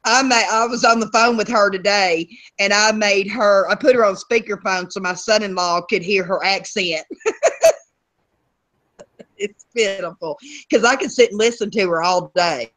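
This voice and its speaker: A woman's voice: mid-range voice, moderate pace, a bit bright. A middle-aged woman with a Southern US accent, co-hosting a casual chat and laughing often. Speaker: co-host.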